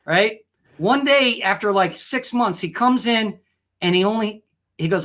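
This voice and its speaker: Upbeat male comedy show host, bright voice, jokey and casual. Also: high voice, lively intonation, measured pace. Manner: upbeat, laughs often. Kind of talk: casual comedic chat and joke telling.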